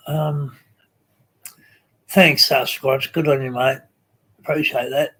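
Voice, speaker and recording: Reading viewer comments aloud, an Australian live-stream host chats in a slow, rambling way full of pauses and restarts. His voice is medium-pitched and a bit bright, with a level tone.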